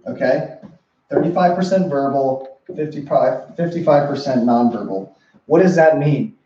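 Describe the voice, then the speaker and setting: A man's voice: medium pitch, moderate pace, mellow, roomy sound, lo-fi sound. A young adult man, a relationship coach, teaching listening skills in an earnest, repetitive way and often putting questions to the viewer. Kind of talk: whiteboard-style teaching talk.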